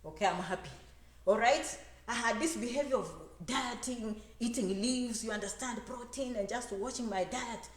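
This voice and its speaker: Animated high-voiced woman in an echoey room. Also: moderate pace. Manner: animated, acts out quoted voices, repeats phrases for emphasis. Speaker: immigration advisor and speaker. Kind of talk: lively motivational talk to an audience.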